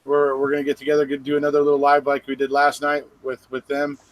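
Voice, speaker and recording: A man in casual conversation, agreeable and quick to affirm others. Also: medium pitch, completely flat delivery, no echo, low-quality recording. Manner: agreeable, many short affirmations. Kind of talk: casual chat.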